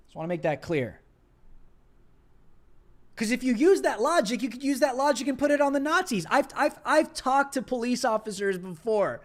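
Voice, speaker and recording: A young man hosting a political commentary livestream, talking in an impassioned way and hammering points through repetition. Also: high-pitched. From United States. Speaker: livestream host.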